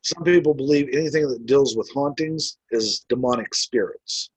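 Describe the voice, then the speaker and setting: A man's voice: mid-range voice, moderate pace, husky, dry recording, low-quality recording. A man who investigates the paranormal, telling his stories in a casual, rambling way with many filler words. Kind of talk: casual storytelling.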